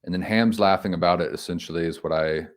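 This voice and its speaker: A man giving an informal Bible commentary, reflective and halting, thinking aloud with frequent restarts. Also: deep voice, fairly even intonation. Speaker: homily speaker.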